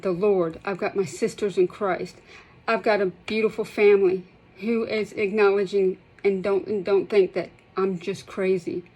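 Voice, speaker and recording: Lady venting to camera in a vlog, upset and shaky, keeps restarting, middle pitch. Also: poor audio. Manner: impassioned and upset, repeats herself, restarts sentences. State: shaky, holding back tears. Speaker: healthcare provider sharing her withdrawal experience.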